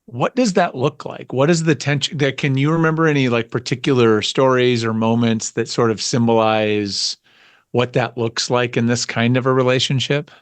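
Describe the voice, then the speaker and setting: A man's voice: mid-range voice, steady tone, moderate pace, clear, resonant tone, no room sound. A man hosting a podcast, asking curious, searching questions that he rephrases as he goes. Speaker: podcast host. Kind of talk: casual interview.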